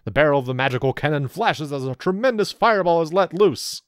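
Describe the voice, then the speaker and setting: A man's voice: on the high side, lively intonation, a little fast, clear, resonant tone, no echo, studio quality. A man hosting a let's play, reading the game's story aloud with playful, laughing asides. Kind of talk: reading game text aloud with commentary.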